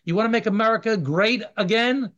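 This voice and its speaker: A middle-aged man, a congressman guest on a radio interview, arguing in a forceful, emphatic way. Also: sits high, brisk. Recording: dull lo-fi radio sound.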